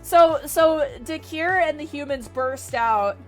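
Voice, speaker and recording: A woman's voice: high-pitched, slow pace, faint music behind. A young woman streamer animatedly retelling a book to her chat, swearing often. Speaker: VTuber streamer. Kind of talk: casual livestream book recap.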